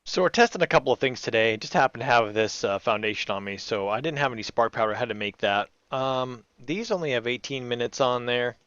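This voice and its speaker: A man's voice: mid-range voice, fast talker, few pauses, a bit bright, smooth, no room sound, muffled recording. A man hosting his gaming channel, chatting and rambling through his gameplay and talking to the animals in the game. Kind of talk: casual gameplay commentary.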